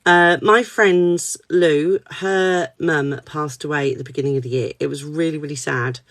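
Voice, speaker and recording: A woman's voice: deep voice, fairly even intonation, moderate pace, dry recording. A woman, speaking as a spiritual card reader at her desk, reassuring and candid, swearing casually. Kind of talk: live spiritual reading chat.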